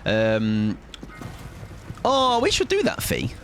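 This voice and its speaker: A young man streaming a game live, rambling and joking with his viewers, laughing often and breaking into excited outbursts. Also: fairly low pitch, slow pace, a little hiss or hum. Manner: rambling, jokey, chats to viewers while playing. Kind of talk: live gameplay commentary with chat.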